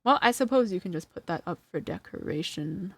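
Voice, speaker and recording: Animated, flustered woman streamer. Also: lowish voice, brisk, creaky, breathy edge, no echo. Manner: flustered and self-deprecating, laughing often. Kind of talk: casual live-stream chat. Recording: dry close sound.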